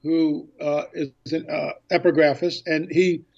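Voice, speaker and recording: This author and filmmaker, appearing as a radio interview guest, recounts a story with enthusiasm, performing old conversations as he goes. He speaks on the high side and a little slowly, with vocal fry, through a muffled recording.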